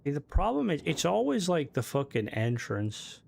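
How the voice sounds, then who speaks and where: A man's voice: a little high, huge pitch swings, moderate pace, vocal fry, darkish tone, slight background noise. A man streaming a game, thinking aloud and mumbling as he builds a ship in casual commentary.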